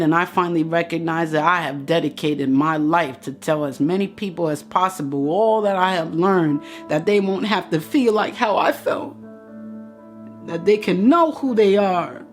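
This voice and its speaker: A woman's voice: on the low side, normal speed, soft background music. A woman giving an impassioned motivational address, preaching straight at her listeners and repeating phrases for emphasis. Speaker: motivational speaker.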